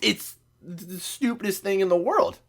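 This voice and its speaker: A man's voice: sits high, a little slow. Sick Midwestern man ranting, voice cracking. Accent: Midwestern American. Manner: profane, sarcastic, animated ranting. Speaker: podcast host. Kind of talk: casual sports rant.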